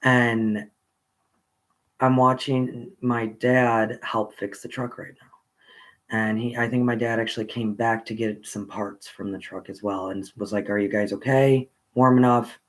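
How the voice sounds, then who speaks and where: Recounting a memory from when he was a kid, a man speaks casually and rambles, pausing and starting over. When excitement hits, his pitch climbs.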